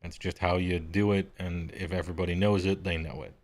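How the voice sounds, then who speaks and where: Deep-voiced man running a tabletop game. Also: flat delivery, fairly quick, a little mellow. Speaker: game master. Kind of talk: casual chat before a live-streamed game.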